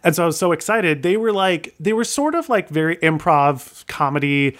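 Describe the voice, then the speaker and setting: A man's voice: a little high, animated, moderate pace, a bit bright. A young man telling stories in a casual chat, using lots of "like" fillers. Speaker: guest.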